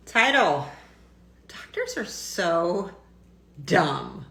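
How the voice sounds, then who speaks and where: A woman hosting a live stream, a chiropractor ranting in a brash, sarcastic, animated way. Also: mid-range voice, unhurried, roomy sound, poor audio. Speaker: host.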